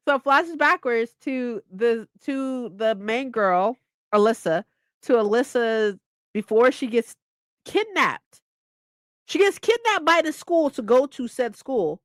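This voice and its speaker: A young woman chatting casually about a book she's reading, excitable, swearing often and acting out lines. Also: fairly high pitch, unhurried, no echo, clean studio sound. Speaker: streamer hosting a reading session.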